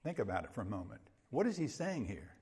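Husky male preacher, swings up and down a lot, long reverb like a big hall. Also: lowish voice, big pitch swings, fast, darkish tone. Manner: emphatic, conversational, checks in with "okay?". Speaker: pastor. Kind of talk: expository sermon.

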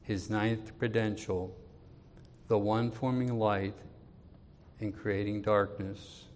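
A man preaching an expository sermon, reading scripture aloud with more force and dropping low and quiet when he appeals to his listeners. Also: fairly even intonation, slow, in a large hall, slight background noise. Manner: reads scripture louder, drops low and quiet for personal appeals.

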